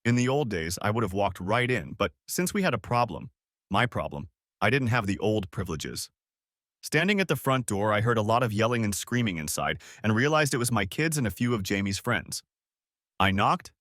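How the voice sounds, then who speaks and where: A man narrating a first-person story as an audiobook, in an expressive storytelling way. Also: on the low side, moderate pace, no echo, studio quality.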